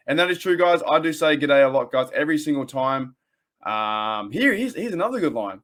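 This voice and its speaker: A man's voice: fairly high pitch, lively intonation, a little fast, a bit bright. A man with an Australian accent hosting a casual podcast, rambling and joking with lots of fillers and restarts. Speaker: podcast host.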